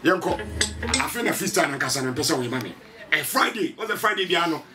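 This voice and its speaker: A male TV host with a Ghanaian accent, interviewing a guest in an excited, exclamatory way. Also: on the high side, fast talker, over a noisy crowd. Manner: exclamatory, shouts and laughs often. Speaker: TV show host. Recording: distant mic, loud music behind.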